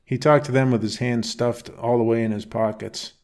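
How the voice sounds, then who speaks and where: Guy reading a sleep story, calm and even, mid pitch, unhurried. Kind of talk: bedtime story narration.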